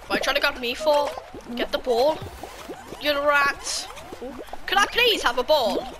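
Brit gamer girl, high voice, swears a lot and trash talks, music playing under her. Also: measured pace. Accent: British, slipping Scottish. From Britain. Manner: excitable, swearing, jokey trash talk. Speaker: gaming YouTuber. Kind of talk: casual gameplay commentary.

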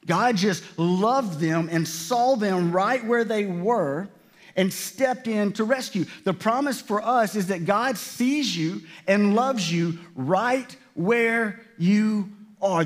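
This pastor speaks slowly in a high voice. His sermon is conversational, full of restarted sentences, and he performs what God and various people say as if quoting them aloud.

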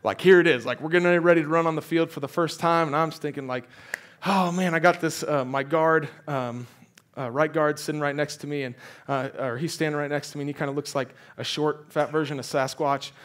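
Young guy preaching, slightly high voice, chatty, lots of um and restarts. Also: brisk. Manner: conversational and animated, many fillers and restarts. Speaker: guest preacher. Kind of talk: sermon with personal storytelling.

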